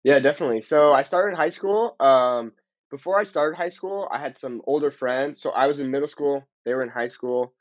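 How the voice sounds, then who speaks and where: A man's voice: mid-range voice, normal speed, no room sound. A young man, telling stories as a guest and acting out his own quotes. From Southern California. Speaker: guest, language teacher. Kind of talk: casual interview chat. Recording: dull lo-fi audio.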